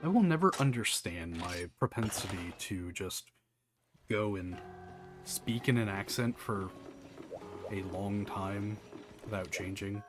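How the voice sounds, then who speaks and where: A man's voice: fairly low pitch, expressive, slow pace, long pauses. A man giving jokey let's play commentary, sliding into mock-grand announcements as he plays. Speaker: gaming channel host. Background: game music.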